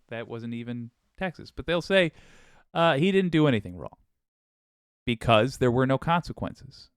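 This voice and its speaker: A man's voice: medium pitch, clean tone, no echo, studio quality. A man hosting a live-streamed political commentary show, talking casually in rambling, self-interrupting asides. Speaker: show host.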